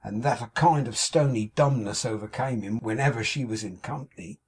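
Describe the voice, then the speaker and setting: A man doing a gushing, husky-voiced landlady. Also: medium pitch, fairly quick, lightly acted. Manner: effusive, confiding, melodramatic. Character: fussy gushing middle-aged boarding-house landlady.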